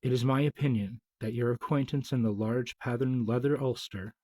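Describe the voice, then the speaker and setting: A man's voice: mid-range voice, fairly even intonation, moderate pace, dark tone, no room sound, natural voice. A man voicing a pompous, formal python snake in a storybook reading. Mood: formal, urgent. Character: grand, wordy old python snake.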